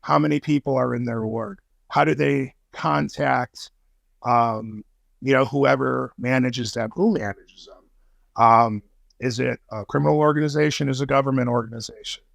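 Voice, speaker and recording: A man's voice: mid-range voice, steady tone, normal speed, creaky, no echo, clean studio sound. A man guesting on a podcast, telling a story in casual talk, swearing freely and using street slang.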